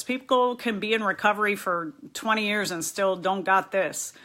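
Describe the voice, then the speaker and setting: Bright-voiced encouraging woman counselor. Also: medium pitch, steady tone, normal speed, hardly any pauses. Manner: warm encouraging, greets and reads viewer comments aloud. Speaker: counselor answering viewer questions. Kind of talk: live-stream talk to viewers.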